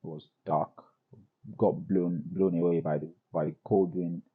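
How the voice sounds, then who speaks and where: A man's voice: low-pitched, fairly even intonation, unhurried, slightly rough. A Nigerian man co-hosting a podcast, chiming in playfully in casual chat. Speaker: podcast co-host. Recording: dull lo-fi sound.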